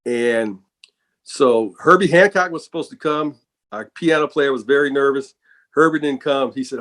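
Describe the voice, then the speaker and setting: A middle-aged man, a bassist, telling stories in a casual interview, animated and often repeating words as he goes. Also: moderate pace. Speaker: bassist and guest.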